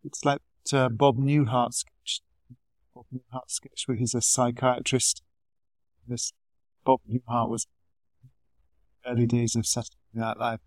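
A man's voice: mid-range voice, measured pace, long pauses, no room sound. Brief: male Buddhist teacher, easygoing conversational lecture, dry close recording. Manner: relaxed, conversational, storytelling asides. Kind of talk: informal dharma talk.

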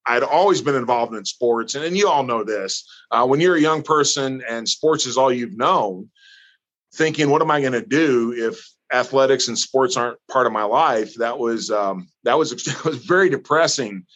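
A man from northern Missouri, a guest in a casual chat, telling stories in an animated way. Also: mid-range voice, normal speed, muffled recording. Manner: animated storyteller who acts out quotes.

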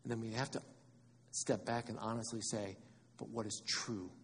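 A man preaching a sermon as pastor, animated and conversational, acting out quotes as he goes. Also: on the low side, moderate pace, big-room sound, a little hiss or hum.

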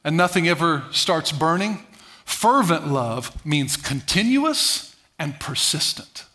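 A male pastor preaching a sermon, calling on the congregation to repeat words and swinging between loud bursts and low muttered asides. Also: very animated, takes it slowly, a little hiss or hum. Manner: preaches with call-and-response to the congregation.

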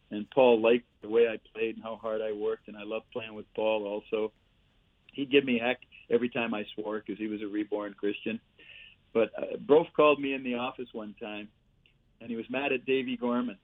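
An older man, a former hockey player and coach, telling lively stories as a podcast guest over a remote line. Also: medium pitch. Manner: lively storyteller, chuckles through punchlines. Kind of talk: casual anecdote-telling. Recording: tinny phone line, dry.

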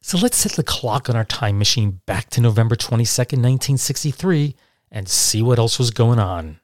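A man presenting and reading aloud old newspaper headlines, talking informally and reading quoted lines slowly and deliberately. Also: mid-range voice, expressive, no echo, clean studio sound. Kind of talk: informal educational narration.

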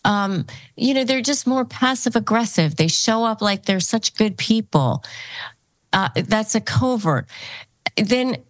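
A woman's voice: fairly high pitch, expressive, a little slow, no room sound. A woman hosting a podcast interview who gives advice in an explanatory way and repeats key phrases for emphasis. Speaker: podcast host.

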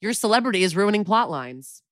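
A woman co-hosting a podcast, excitable and quick to swear, introducing a guest with enthusiasm. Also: mid-range voice, dry recording, clean studio sound. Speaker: podcast co-host. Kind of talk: casual chat.

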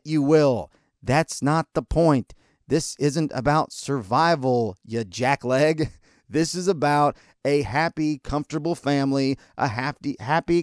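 A man's voice: a little high, no echo. Man, American, podcast host, sarcastic rant, exasperated insults, mock-soothing tone, dry close mic. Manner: mock calm and soothing delivery that breaks into outbursts. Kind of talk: ranting opinion segment.

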